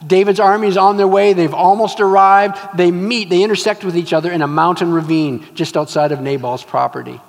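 A man's voice: sits high, brisk, vocal fry, hardly any pauses. A male pastor preaching a sermon, telling stories and acting out scenes with emphatic repetition. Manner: animated storytelling, acts out scenes, emphatic repetition. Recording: long reverb of a large hall.

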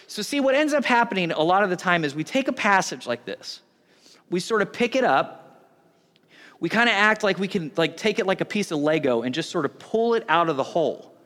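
A man's voice: sits high, lively intonation, fairly quick, fairly bright tone. Man, pastor, sermon, conversational, joking, long reverb in a big hall. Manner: conversational, joking, self-interrupting.

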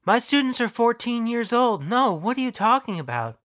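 A glum, self-pitying husband, voiced by the storyteller, muttering in a lowered, heavy tone. The voice keeps a bright edge. The recording is dry and close. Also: very animated, normal speed, no room sound. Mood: gloomy. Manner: low, mournful and muttering. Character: gloomy, cheating middle-aged husband.

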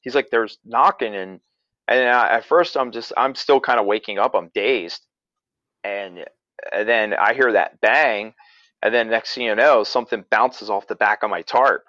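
Man, lowish voice, casual rambling storyteller, dull lo-fi sound. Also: a little slow, sharp tone, dry recording. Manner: rambling, many "you know" fillers and restarts. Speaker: paranormal investigator and podcaster.

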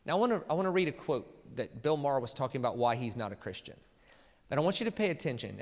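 A man preaching a sermon, animated and emphatic, often stumbling over and repeating words. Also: medium pitch, quick pace. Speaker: pastor. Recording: long hall reverb.

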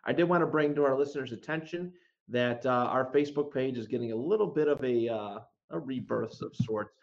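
Male podcast host, mid-pitched, halting delivery, dull lo-fi recording. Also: vocal fry. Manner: halting, many restarts. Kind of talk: casual chat. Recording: dull lo-fi audio.

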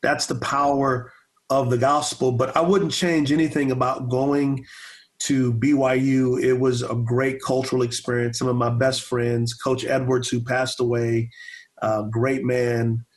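A man in his forties, a pastor who once played football, speaks at a medium pitch in a level, unhurried tone. In a casual interview he tells stories energetically, repeating words and stuttering slightly.

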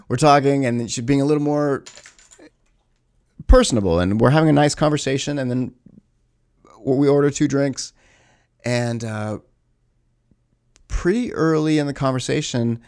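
A man's voice: medium pitch, a little slow, pauses often, a little mellow, clear, resonant tone, no echo, studio quality. A man casually telling a story to his camera in a rambling, self-correcting, sometimes profane way. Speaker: vlogger.

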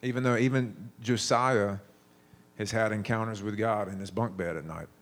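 A man's voice: on the low side, steady tone, normal speed. A man in his thirties preaching a sermon, telling stories in a conversational way with frequent restarts.

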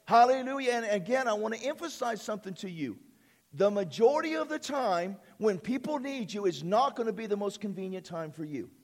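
With a high-pitched, animated, brisk voice, a male church pastor delivers a sermon. He repeats phrases and calls for amens from the congregation.

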